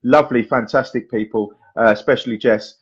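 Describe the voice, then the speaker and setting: A man's voice: medium pitch, brisk, slightly rough, muffled recording. A man hosting a podcast, telling stories casually, with a lot of swearing. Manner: chatty storyteller, lively, swears, acts out voices. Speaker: podcast host and magician. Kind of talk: casual chat.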